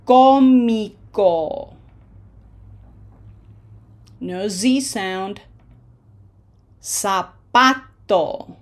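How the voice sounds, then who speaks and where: A woman's voice: mid-range voice, darkish tone. A woman teaching a Spanish pronunciation lesson, stretching out model words with long vowels and asking and answering her own questions.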